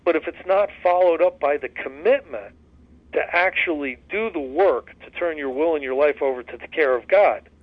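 An earnest man leads a study discussion, folksy and unhurried, with plenty of restarts. His voice sits slightly high. The sound is dull and dry, as if it came over a phone line. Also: no echo. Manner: earnest, folksy storyteller with many restarts and fillers. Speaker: recovery study leader. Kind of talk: casual spoken study discussion.

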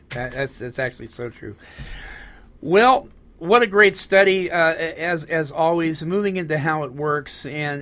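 A man co-hosts a casual talk, agreeable and appreciative. He stumbles and repeats words as he gathers his thoughts. His voice sits a little high. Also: a bit bright. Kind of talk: casual spoken discussion.

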